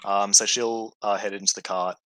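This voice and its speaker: A man's voice: on the low side, level tone, moderate pace, a bit bright, rough recording. A man narrating as game master, easygoing and hesitant with many fillers.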